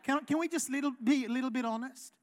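Woman, high voice, fervent sermon, rhetorical questions, swings loud and soft. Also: quick pace. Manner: passionate, rising to shouts, rhetorical questions. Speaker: preacher.

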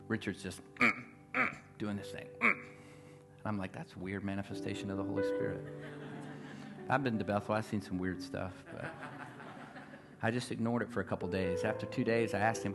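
A man preaching a sermon, telling a story and building to loud, repeated declarations. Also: deep voice. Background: guitar music.

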